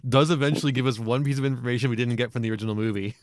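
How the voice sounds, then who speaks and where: A man in casual podcast chat about old monster movies, animated and quick to laugh, with a lot of swearing. His voice sits at an ordinary middle pitch. The recording is dry and close, with no room sound. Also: no room sound. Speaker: podcast co-host. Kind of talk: casual comedic film discussion.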